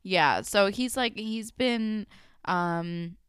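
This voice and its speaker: A woman's voice: mid-range voice, drawn-out words, a bit bright, smooth, dry recording, clean studio sound. A young woman co-hosting a casual recap chat, candid and sympathetic, swearing casually. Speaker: podcast co-host.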